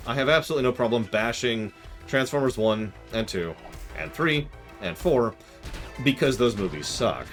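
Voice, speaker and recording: A man's voice: mid-range voice, expressive, moderate pace, fairly bright tone, soft background music. A tired man with a sore throat, rambling through opinionated commentary and reading chat aloud during a live game stream.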